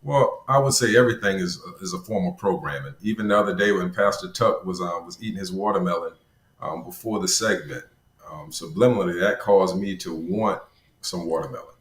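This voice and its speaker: A male guest doctor on a talk panel, explaining in a measured, preacherly way with church terms. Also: deep voice. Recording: roomy echo.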